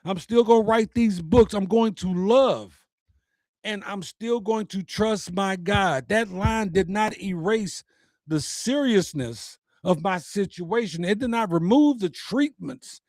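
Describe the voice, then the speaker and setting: Male host, slow deliberate motivational talk, somewhat high voice, dry close sound. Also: lively intonation, a little mellow, no echo. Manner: earnest, preacher-like, with repeated phrases. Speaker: host of an uplifting message show. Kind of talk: personal motivational message.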